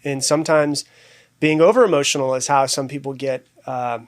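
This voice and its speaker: A man's voice: medium pitch, steady tone, moderate pace. A man, a podcast guest, telling his own story candidly and reflectively, with many fillers and restarts.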